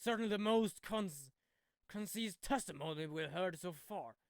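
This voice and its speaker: A man doing a flustered old judge who calls out loudly in a higher, lively voice. The sound is close and dry. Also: normal speed, no room sound. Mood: bewildered. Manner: raised, exclaiming voice. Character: flustered elderly male judge, loud.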